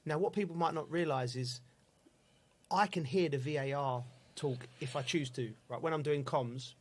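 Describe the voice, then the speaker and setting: A man's voice: a little high, normal speed, husky. A man chatting casually as a football pundit, telling stories and laughing often. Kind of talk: casual banter.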